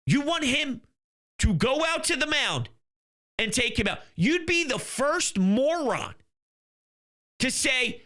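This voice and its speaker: High, sharp-voiced ranting sports fan man. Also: big pitch swings, slow pace, long pauses. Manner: ranting, exasperated, insults critics; swings between loud outbursts and muttering. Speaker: sports commentator. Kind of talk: sports rant vlog.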